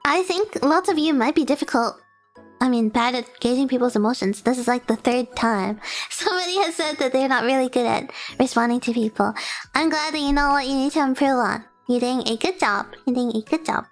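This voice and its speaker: A woman's voice: sits high, moderate pace, soft background music. A young woman streaming as a VTuber, reading viewer submissions aloud in casual chat, bubbly and giggly, gushing with praise.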